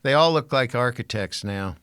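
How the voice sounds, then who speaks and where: A man's voice: medium pitch, expressive, moderate pace, fairly bright tone, clean tone, dry recording. A man co-hosting a podcast, chatting casually, trading dry jokes and grumbling through lists of complaints. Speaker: podcast co-host. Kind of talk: casual chat.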